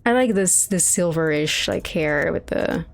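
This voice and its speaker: A woman's voice: lowish voice, lively intonation, a little slow. A young woman streaming a game, commenting casually as she rambles, swears and laughs.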